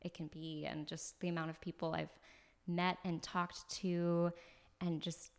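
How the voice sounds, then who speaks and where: A woman from Los Angeles, a podcast guest, telling a story in a chatty, animated way, full of likes and ums, recorded in an apartment. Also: lowish voice, unhurried. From Los Angeles, USA. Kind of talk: casual conversational storytelling. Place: floor of a new apartment.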